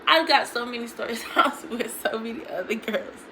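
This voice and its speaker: A woman's voice: on the high side, lively intonation, moderate pace, sharp tone, slight background noise, poor audio. A young woman vlogging a casual storytime, retelling it bluntly with lots of profanity.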